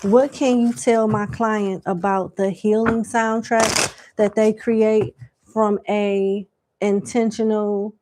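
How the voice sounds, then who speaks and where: A woman's voice: mid-range voice, flat delivery, slow pace, noisy background. Chatty woman doing live tarot readings. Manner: casual, chatty, slangy, laughing asides. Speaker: tarot reader.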